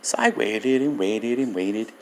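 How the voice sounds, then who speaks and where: An older man telling a personal story in a vlog, animated and laughing as he goes. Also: fairly low pitch, a little slow, a little hiss or hum. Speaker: Christian ministry vlogger.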